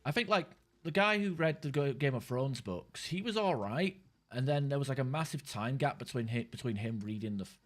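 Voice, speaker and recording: A man's voice: medium pitch, lively intonation, a little fast, hardly any pauses. A man giving casual commentary while playing a video game, rambling in stop-start bursts, swearing freely and chatting with viewers. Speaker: gaming streamer.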